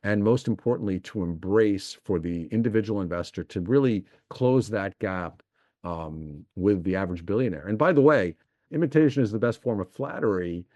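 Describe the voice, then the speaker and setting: A man's voice: lowish voice, moderate pace, dark tone, no room sound, dull audio. A middle-aged man, an investment executive talking as a podcast guest, explaining eagerly and piling up examples. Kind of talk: podcast interview.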